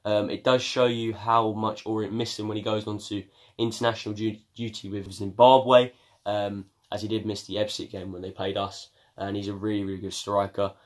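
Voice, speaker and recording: Young man, from England, low-pitched, casual football news vlog, lots of ums. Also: flat delivery, moderate pace. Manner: chatty, with many ums and uhs. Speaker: football vlogger. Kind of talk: casual video news roundup.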